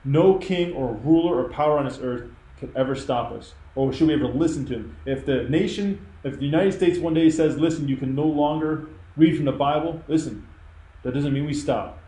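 A man's voice: medium pitch, normal speed, warm tone, echoey room, poor audio. A man preaching a sermon, earnest and emphatic in a conversational way. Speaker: pastor. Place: church.

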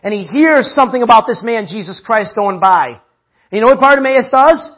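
A man's voice: very high-pitched, animated, fairly quick, lo-fi sound. A man preaching a sermon, emphatic, repeating phrases and calling out to the church.

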